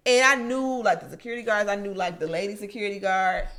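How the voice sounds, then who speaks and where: Fast-talking young woman spinning profane stories. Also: medium pitch. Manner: profane, animated storytelling. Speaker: podcast co-host. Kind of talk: casual chat.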